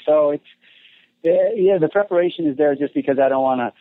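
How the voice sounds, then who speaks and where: Over a tinny phone line, a race announcer tells stories in a casual interview, his voice a little high and his pace brisk. He's an animated storyteller who acts out voices and laughs often, with no room sound.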